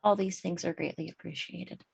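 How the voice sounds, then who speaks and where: A woman speaking in character at a tabletop game, slow and halting with many ums. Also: fairly low pitch, steady tone, creaky, a little mellow, breathy edge, highs cut off. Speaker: player.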